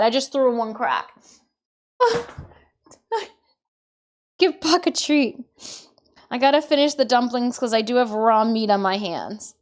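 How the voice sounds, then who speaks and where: A woman from Michigan chatting casually on a live stream while she cooks, swearing freely and often dropping to a quiet mutter. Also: a little high, expressive, takes it slowly, long pauses. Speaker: livestreamer.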